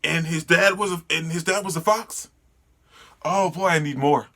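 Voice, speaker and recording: Excitable bright-voiced man reacting to manga. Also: a little high, moderate pace. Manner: excitable, laughs and stumbles over names. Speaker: manga reader and reviewer. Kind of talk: casual reaction readthrough.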